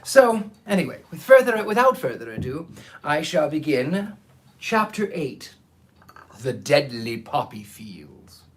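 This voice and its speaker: A man's voice: a little high, big pitch swings, a little slow. A man hosting a live online reading show, chatting theatrically with viewers and greeting them by name before reading a book aloud. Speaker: host of a live storytelling stream. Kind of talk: casual chat and reading aloud.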